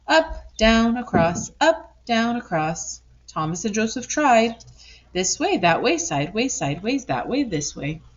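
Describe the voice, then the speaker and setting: A woman reads a children's storybook aloud, her voice rising and falling with lively expression. The recording is a little dull and lo-fi. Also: a little high, unhurried. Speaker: storybook reader. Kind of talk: picture book read-aloud.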